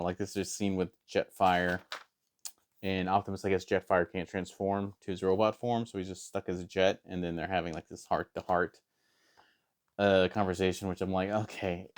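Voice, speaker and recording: A man's voice: low voice, fairly even intonation, fairly quick. A man reviewing a comic book in casual, rambling chat, hesitant with many fillers and restarts.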